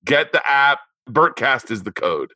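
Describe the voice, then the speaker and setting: A man's voice: medium pitch, big pitch swings, a little slow, pushed and bright, slight background noise. A man hosting a podcast, reading ads and chatting casually, loose and profane with stumbling restarts. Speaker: podcast host. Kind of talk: casual chat and read ads.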